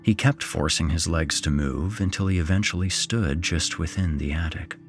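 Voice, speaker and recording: A man narrating a horror story in a slow, suspenseful way. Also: deep voice, soft background music.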